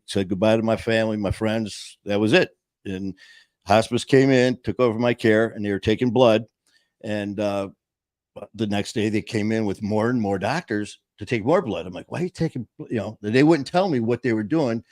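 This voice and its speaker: Male host, Boston accent, low-pitched, emphatic storyteller, dry close sound. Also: normal speed, darkish tone, no echo. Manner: emphatic, plain-spoken, restarts often. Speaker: podcast host. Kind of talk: casual storytelling interview.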